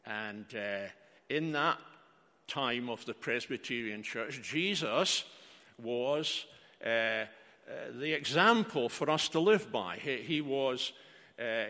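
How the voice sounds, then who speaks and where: An older man, not from Australia, preaches an earnest sermon full of rhetorical questions and frequent hesitant fillers. His medium-pitched voice is bright and forceful, echoing in a reverberant hall.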